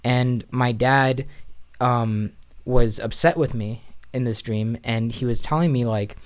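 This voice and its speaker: A man's voice: medium pitch, steady tone, a little slow, clean tone. Man rambling through a dream story. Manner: rambling, with many restarts. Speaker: podcast guest; church musician. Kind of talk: casual storytelling.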